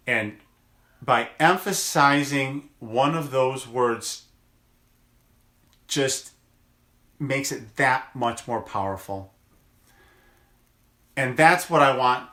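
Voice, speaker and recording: Slow-talking, gentle-voiced male chiropractor. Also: medium pitch, echoey room. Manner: slow, deliberate, gentle encouragement with drawn-out words. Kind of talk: motivational daily video message.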